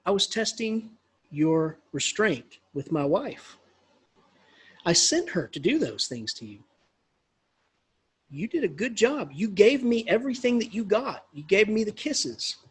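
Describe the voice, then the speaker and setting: Man voicing a casual scolding knight, husky and high, retold in a lecture. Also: very animated, a little slow, exaggerated voice. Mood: explaining. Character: gruff male knight, tester, scolding.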